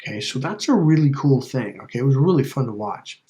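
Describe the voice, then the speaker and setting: A man's voice: medium pitch, animated, brisk, warm tone. A man giving a casual coaching talk, emphatic and repetitive, often checking in with "okay?". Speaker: life and relationship coach.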